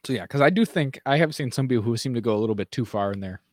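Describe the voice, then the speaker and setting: A man's voice: mid-range voice, lively intonation, no room sound, studio quality. Rambling man recapping with restarts. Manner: mimics characters in quick acted asides. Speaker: podcast co-host. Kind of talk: casual chat.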